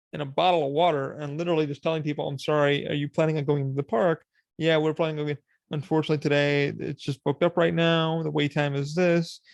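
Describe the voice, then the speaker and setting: A young man hosting a podcast in casual solo chat, rambling and profane, laughing and quoting people in animated voices. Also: a little high, gravelly, dry recording. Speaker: podcast host.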